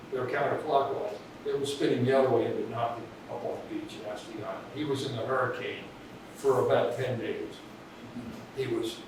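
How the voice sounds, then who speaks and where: A man telling a long rambling anecdote in a casual way, chuckling now and then. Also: mid-range voice. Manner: rambling, restarts, chuckles at his own story. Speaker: storyteller. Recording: distant echoey room with background noise.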